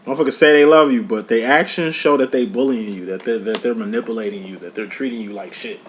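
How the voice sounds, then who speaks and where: A man speaks in a middle-pitched, everyday voice as he reads tarot cards for his audience. His delivery is blunt and profane, and he lectures the listener with tough love in a loose, conversational monologue. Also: fast talker, a little hiss or hum. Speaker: tarot reader and life coach. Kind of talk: casual tarot reading monologue.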